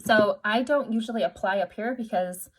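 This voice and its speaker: A woman's voice: mid-range voice, normal speed, a little hiss or hum. Chatty upbeat woman giving a makeup tutorial. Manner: chatty, upbeat and self-deprecating. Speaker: makeup artist.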